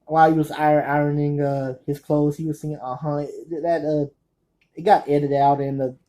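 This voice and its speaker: A man's voice: a little high, little pitch movement, moderate pace, warm tone, rough recording. A man talking through his movie collection in a casual, nervous way, rambling and often stopping to correct himself. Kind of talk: casual spoken review.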